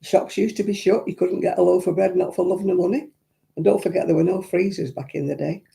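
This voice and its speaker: Gravelly older Lancashire woman chatting. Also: fairly low pitch, fairly even intonation, brisk, warm tone. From Royton, North West England. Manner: chatty, rambling, frequent chuckles. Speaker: crafting livestream host. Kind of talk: casual chat reading viewer comments.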